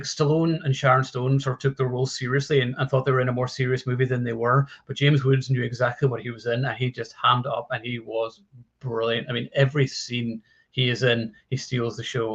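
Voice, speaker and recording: A man co-hosting a casual film discussion, recounting scenes in an animated way and padding them with fillers like "uh" and "like". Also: medium pitch. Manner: animated storyteller, hedging fillers like "uh" and "like". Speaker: podcast co-host. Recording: dull lo-fi audio.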